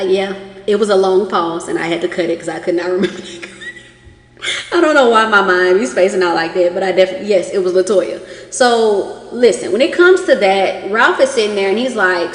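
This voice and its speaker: A woman's voice: mid-range voice, brisk. A woman giving a casual, chatty recap of a reality show, acting out quotes as she goes. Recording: echoey room with long reverb.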